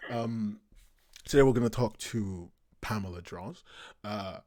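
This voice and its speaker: A male host in a relaxed online podcast, rambling from one joke to the next and laughing often. He talks casually over a video call. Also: on the low side, slow pace. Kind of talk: casual chat.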